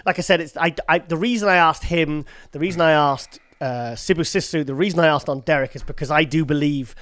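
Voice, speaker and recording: A man's voice: fairly high pitch, brisk, a bit bright, no echo. A man, hosting a podcast and talking in a casual, rambling way with many restarts and fillers. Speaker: podcast host. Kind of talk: casual chat.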